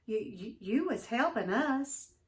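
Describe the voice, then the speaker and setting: A woman reading aloud, voicing a feisty, outspoken young girl with raised, pleading pitch. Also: animated, slow, far from the mic. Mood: polite insisting. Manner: indignant, pleading, rising in pitch.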